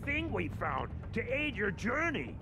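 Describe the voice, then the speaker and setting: A gruff caveman villager for a video game, pitched high and swinging widely up and down. His voice is gravelly, and music plays clearly behind it. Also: wildly swooping pitch, unhurried, full character voice. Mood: grateful. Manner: gruff, slightly forced caveman speech. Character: gruff caveman villager chief, male adult. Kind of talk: video game character dialogue.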